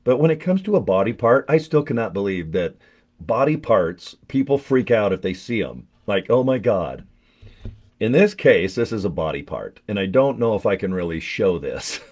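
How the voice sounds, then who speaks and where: A man with a somewhat low voice talks loosely to his viewers, wandering from story to story. He cracks crude jokes and laughs often as he chats. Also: very animated, normal speed, darkish tone. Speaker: vlogger opening a gift on camera. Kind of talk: casual live-stream chat.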